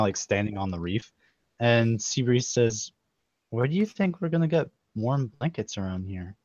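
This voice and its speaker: A man narrating as game master in a relaxed, wry way. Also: medium pitch, no room sound, dull audio.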